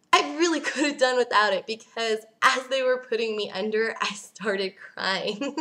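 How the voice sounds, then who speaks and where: A woman's voice: mid-range voice, fairly bright tone. A young woman vlogging casually, ranting bluntly and sarcastically, swearing and laughing as she answers viewer questions.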